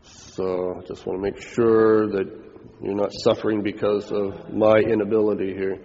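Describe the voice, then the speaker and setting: A man's voice: lowish voice, little pitch movement, normal speed, dark tone. A preaching man in an echoing hall. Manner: conversational preaching, asks the congregation questions. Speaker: pastor. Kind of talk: sermon. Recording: dull recording with long hall reverb.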